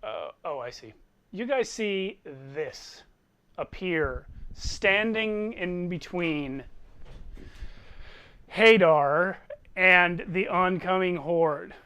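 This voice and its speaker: A man runs a tabletop game as its game master, telling the story vividly and slowly. His voice is high, bright and very clear. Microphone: online voice call.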